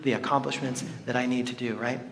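A man's voice: mid-range voice, level tone, fast talker, a bit bright. A man preaching a sermon to a congregation in a playful, joking manner. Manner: playful, jokey, talks to the congregation. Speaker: pastor. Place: church hall. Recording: reverberant hall.

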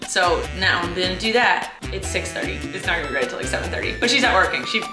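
A woman's voice: lowish voice, animated, quick pace, over music. A young woman vlogging in a chatty, rambling way with dry sarcastic asides. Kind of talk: casual vlog chat.

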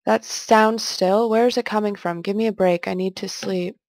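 Gravelly-voiced woman narrating a game. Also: medium pitch, fairly even intonation, moderate pace, darkish tone, no room sound. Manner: jokey, chatty, talks to herself. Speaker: let's play host. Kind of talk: casual gameplay commentary, reading game text aloud.

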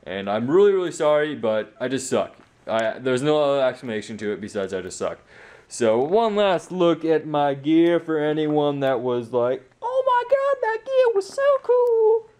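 A man's voice: mid-range voice, lively intonation, normal speed, darkish tone. A teenage boy chatting casually in a home vlog, rambling and mocking himself, tired after sports practice. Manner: rambling, self-mocking, many fillers. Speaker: vlogger.

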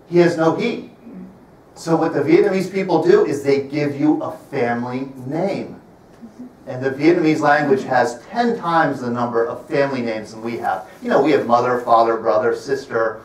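Man in his fifties telling stories in a roomy hall. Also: medium pitch. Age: 50s. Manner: wry storyteller, slows to stress points. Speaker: presenter. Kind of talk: storytelling public talk. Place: library event room. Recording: roomy sound from a distant mic.

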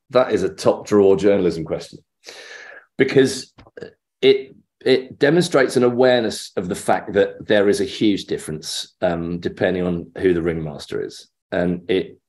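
A middle-aged actor interviewed as a guest, telling anecdotes in a lively way and acting out the voices of the people in them. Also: male voice, low-pitched, unhurried.

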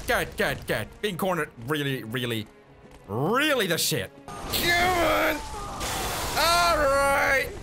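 A man giving let's play commentary, swearing and exasperated, bursting into shouts, with game music behind. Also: high-pitched. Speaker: gaming YouTuber.

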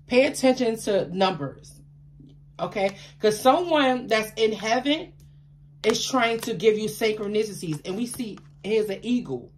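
A woman giving a tarot card reading to her viewers, chatty and affectionate, with excitable bursts of laughter and exclamations. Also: medium pitch, measured pace, slight background noise. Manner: chatty, affectionate, calls listeners baby.

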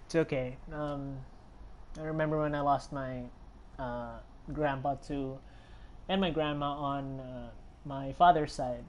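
Slow-talking man chatting while gaming. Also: medium pitch, fairly even intonation, a little mellow, a little hiss or hum. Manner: rambling, sympathetic, many fillers and restarts. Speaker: gaming streamer. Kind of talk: live gameplay commentary.

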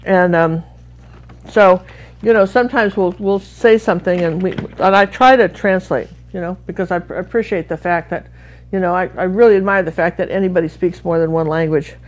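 With a fairly low voice at normal speed, a middle-aged American woman from Washington State teaches a live painting class. Her art instruction rambles along, sprinkled with friendly asides.

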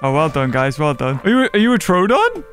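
Excitable man, high lively voice. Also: a little fast, faint music behind. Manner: excitable, laughs often, talks to other players. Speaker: gaming channel host. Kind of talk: casual gameplay commentary.

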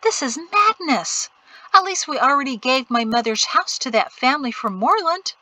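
A woman reading the part of a protective mother giving her children brisk instructions. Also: high voice, animated, pushed and bright, dry recording, voice pushed up, full character voice, rough recording.

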